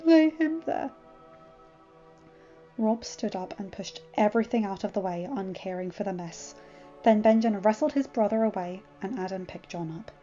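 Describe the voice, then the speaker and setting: A woman narrating a fanfiction story in an expressive, dramatic reading. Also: medium pitch, moderate pace. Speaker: fanfiction reader. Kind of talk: scripted narration. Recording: dull lo-fi with faint music.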